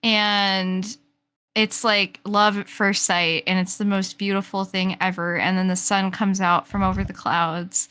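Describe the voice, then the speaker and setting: A woman player strings together a sweeping, overdone tale in one long run of "and then". Her voice is bright and clear, and she narrates with playful drama. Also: mid-range voice, little pitch movement, measured pace. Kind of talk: improvised storytelling in a tabletop game.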